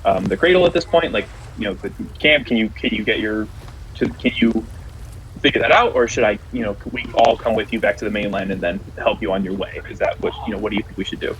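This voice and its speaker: A man voicing a helpful male guide in a tabletop game, halting and full of fillers. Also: lowish voice, fairly bright tone, a little hiss or hum, close to an everyday voice, poor audio. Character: helpful male guide named John Rat.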